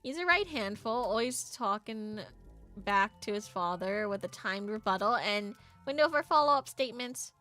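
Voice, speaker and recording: A woman's voice: medium pitch, expressive, moderate pace, pushed and bright, faint music behind. A woman doing a fretful folksy ghost mum. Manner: old-fashioned folksy dialect. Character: fretful middle-aged ghost mother.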